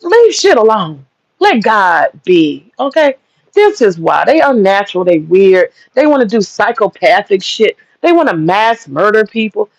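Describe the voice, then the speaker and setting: A woman's voice: mid-range voice, very animated, measured pace, no echo. Blunt, profane woman ranting on a livestream. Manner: blunt, profane, heated and emphatic. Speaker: livestream host. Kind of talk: livestream rant. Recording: dull lo-fi dry audio.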